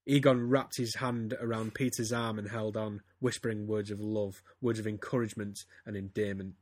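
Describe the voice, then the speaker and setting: A man's voice: fairly low pitch, little pitch movement, normal speed, a little mellow, no room sound, clean studio sound. A man, a podcast host giving a theatrical comic reading of a story. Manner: reads theatrically, breaks into laughter. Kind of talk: comedic dramatic reading.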